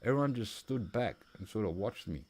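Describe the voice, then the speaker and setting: Expressive and fairly quick, his lowish voice is a little mellow with a breathy edge. The Australian-accented man rambles through stories in casual commentary while playing a hunting game.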